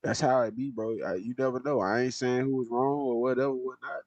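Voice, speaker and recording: A man hosting a livestream chats casually, in slang, with halting restarts. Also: medium pitch, steady tone, darkish tone, no echo, lo-fi sound. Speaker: livestream host reacting to videos. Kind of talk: casual chat.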